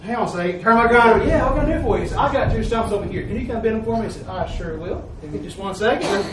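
A man with a high voice preaches a folksy testimony, acting out each voice in his story. He is picked up from well off the mic, so the sound rings around a roomy church, with a faint hiss underneath. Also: fast talker, a crowd in the background. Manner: folksy, acts out quoted dialogue. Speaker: lay preacher. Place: church service. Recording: echoey room, mic far off.

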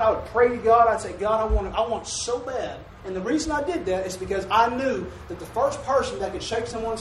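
A man with a high voice preaches a folksy, call-and-response sermon in a church sanctuary. A distant mic picks up the echoey room along with a faint hiss or hum.

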